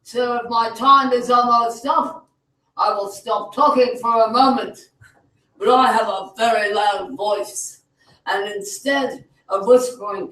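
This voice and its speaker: Give me a man doing spoken word at an open mic, dragged-out delivery, going quiet then shouting, echoey room. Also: extremely high pitch, fairly even intonation, a little slow, far from the mic. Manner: theatrical, swinging from quiet to shouting. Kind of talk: spoken word poetry performance. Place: cafe venue.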